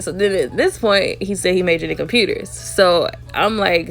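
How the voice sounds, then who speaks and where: A woman's voice: mid-range voice, brisk, gravelly, few pauses, soft background music. A young woman from Alabama telling a dating story in a casual, chatty way, leaning on "you know" and laughing often.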